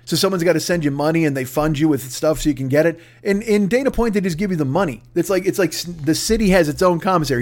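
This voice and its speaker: A man's voice: fairly high pitch, quick pace, few pauses. A man delivering an angry, profane, mocking comedic rant.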